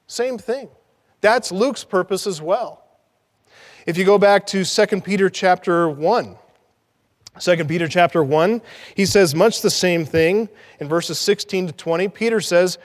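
A man's voice: high voice, unhurried, in a large hall. A man preaching a sermon, emphatic, repeating key words to drive them home. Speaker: pastor.

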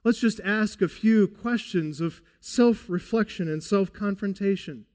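Male pastor, sermon delivery; slow and emphatic, fairly high voice, long hall reverb. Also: a little mellow. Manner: deliberate, emphatic, addresses listeners as beloved.

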